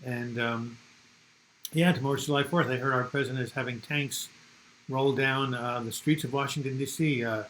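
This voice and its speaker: A man's voice: medium pitch, fairly even intonation, normal speed, a bit bright, slight background noise, poor audio. An older man from the United States hosting a casual live chat, rambling and reading viewer comments aloud.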